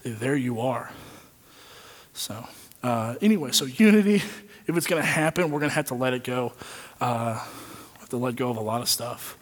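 A man preaching a sermon in an earnest way, repeating phrases for emphasis and swinging between loud and quiet. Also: mid-range voice, a little fast. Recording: long reverb of a large hall.

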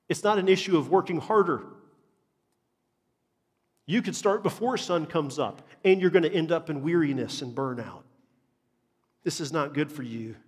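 A man's voice: fairly high pitch, slightly rough. A man, preaching a sermon as a pastor in an earnest, emphatic way and repeating phrases for stress. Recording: long reverb of a large hall.

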